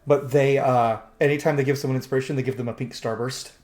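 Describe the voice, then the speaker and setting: A man runs a tabletop game over an online call, narrating scenes in a chatty, easygoing way. He laughs often and backs up mid-sentence to rephrase. His pitch sits in an ordinary middle range. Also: steady tone, quick pace, darkish tone. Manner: chatty, laughs easily, restarts sentences while describing. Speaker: game master. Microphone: online call microphone.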